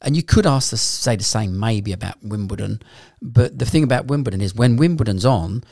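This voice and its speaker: A man's voice: on the low side, expressive, fairly quick, vocal fry, darkish tone, no echo, clean studio sound. A man, chatting casually and bantering with a friend, swearing freely. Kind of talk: casual chat.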